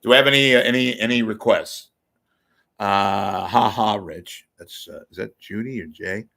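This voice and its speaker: An older man hosting a casual livestream, rambling and crude, his voice going hoarse. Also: on the low side, moderate pace, sharp tone. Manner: crude, rambling, self-amused. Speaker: host.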